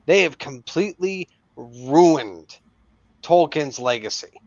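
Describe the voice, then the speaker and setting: A man's voice: fairly high pitch, lively intonation, slow pace, darkish tone, no room sound. Ranting man on a dull, dry mic. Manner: ranting, emphatic, profane. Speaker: podcast co-host. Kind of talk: casual chat.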